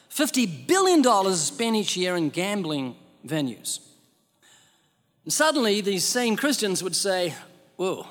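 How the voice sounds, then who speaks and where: Preacher, male, higher register, emphatic sermon delivery with a long hall echo. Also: a bit bright. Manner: emphatic, uses rhetorical questions.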